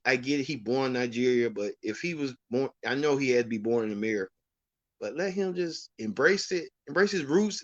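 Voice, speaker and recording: A man's voice: mid-range voice, no echo, lo-fi sound. Opinionated man recapping wrestling. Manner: rambling, opinionated, frequent restarts. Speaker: host.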